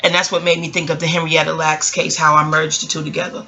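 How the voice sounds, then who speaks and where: Brisk and pushed, with a bright but low-sitting voice that barely moves in pitch, a New York-accented astrologer from the city chats to her viewers. She's a vlogger who rambles and digresses casually, calling everyone y'all.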